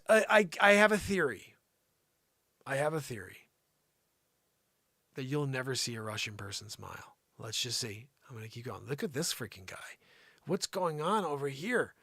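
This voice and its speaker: A man hosting an improvised comedy news show, riffing sarcastically with sudden loud outbursts and low mutters in his studio. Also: dry recording. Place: home studio.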